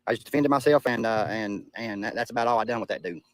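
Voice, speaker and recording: A fairly low-pitched man speaks at a quick pace in a dry, studio-quality recording. Hailing from Eastern Kentucky, USA, he uses an Appalachian accent to ramble, chat, and curse on a casual livestream by a river.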